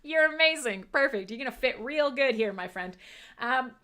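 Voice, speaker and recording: A woman chats on a casual livestream, her voice bright and ringing. She talks in a lively, swooping way and laughs often. She drops in a casual swear now and then. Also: high voice, moderate pace. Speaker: livestream host.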